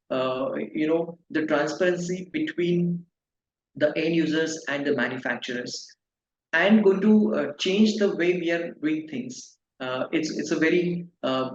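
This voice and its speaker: A man in his fifties, a pharma consultancy director answering interview questions in a halting way, with many fillers and restarts. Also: fairly high pitch. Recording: echoey, dull, faint noise.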